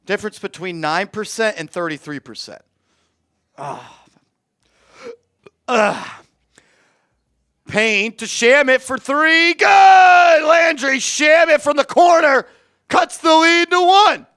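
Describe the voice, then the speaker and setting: A man streaming live fan play-by-play commentary, getting excitable and shouting on big plays while reading the chat aloud. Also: very high voice, slow, long pauses, no echo, clean studio sound.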